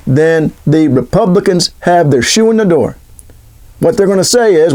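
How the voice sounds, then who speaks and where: A man's voice: sits high, animated, normal speed, warm tone. A middle-aged man giving opinionated solo commentary as a podcast host, sarcastic and mock-questioning, often restarting his words.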